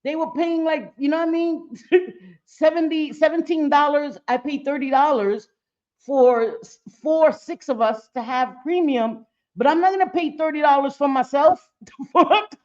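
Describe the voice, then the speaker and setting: A middle-aged woman with a high voice hosts a casual live stream. She talks bluntly, swears freely and laughs often. The sound is dull and lo-fi. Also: moderate pace, darkish tone. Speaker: livestream host.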